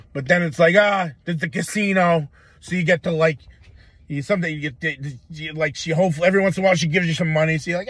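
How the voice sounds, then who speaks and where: A man from Massachusetts with a slightly high voice rants in a loose comedic riff. He rambles, swears freely and leans on "like" and "you know". The sound is dry and close. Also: fairly bright tone, no room sound. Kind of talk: casual comedic rant.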